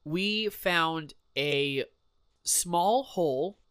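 A man in his thirties co-hosting a casual podcast, telling a story in an unhurried way and laughing easily. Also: on the high side, fairly bright tone, clean tone, dry recording. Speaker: podcast co-host. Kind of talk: casual chat.

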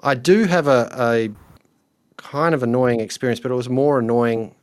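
A man's voice: mid-range voice, normal speed, clear, resonant tone, no echo. A man telling a story in a casual podcast chat, rambling and hesitant. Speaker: podcast co-host.

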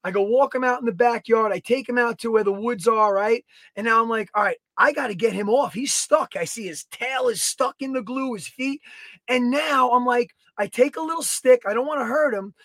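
A man co-hosting a podcast, telling a story in a casual, animated way, swearing and acting out his own quotes. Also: very high-pitched, brisk, no room sound. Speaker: podcast co-host. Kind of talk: casual chat.

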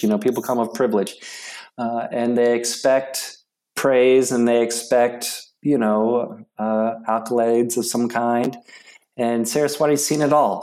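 A middle-aged man speaks as an interview guest, telling a story in a halting, stop-start way. His voice sits at an ordinary pitch. He restarts his sentences often and fills the gaps with ums. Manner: halting, with many restarts and fillers, animated when quoting. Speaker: interview guest, yoga practitioner.

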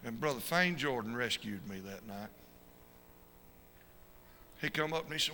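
A man preaching a fervent sermon as an evangelist, swinging from shouted peaks to quiet storytelling. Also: medium pitch, animated, unhurried. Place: church sanctuary. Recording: reverberant church hall with faint noise.

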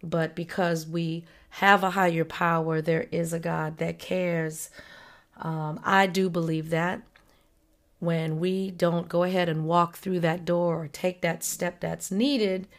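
A woman's voice: fairly low pitch, level tone, slow pace. A woman hosting her own show, talking casually and upbeat about life lessons. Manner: upbeat, conversational, acts out quoted friends. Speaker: podcast host. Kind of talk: casual motivational talk.

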